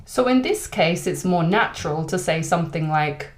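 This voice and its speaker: A woman with a British accent teaching an online English lesson, speaking clearly and deliberately. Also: fairly low pitch, lively intonation. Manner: clear, deliberate teaching delivery with exaggerated example intonation.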